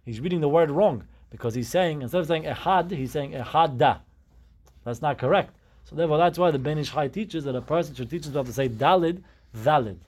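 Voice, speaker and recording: A man's voice: on the high side, quick pace, a little mellow. A man teaching a Talmud class, explaining step by step and mixing Hebrew terms into his English.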